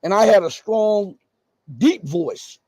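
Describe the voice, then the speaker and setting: A middle-aged man with a scratchy, raspy voice, giving emphatic live news commentary full of rhetorical questions. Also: high voice, expressive, takes it slowly, dark tone, dry recording.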